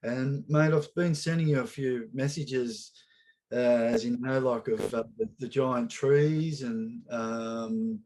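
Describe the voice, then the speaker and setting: Aussie guy hosting a chat, relaxed and friendly, calls everyone mate. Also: mid-range voice, takes it slowly. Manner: laid-back, matey, calls guest mate and brother. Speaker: podcast host. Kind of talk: casual chat.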